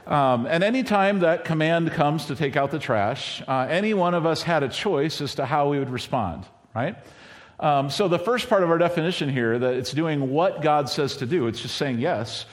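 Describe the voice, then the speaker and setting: A middle-aged man preaching a sermon in a conversational way, now and then acting out quoted lines in a higher voice. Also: lively intonation, moderate pace. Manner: conversational, acts out quoted lines with bursts of high pitch. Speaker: pastor.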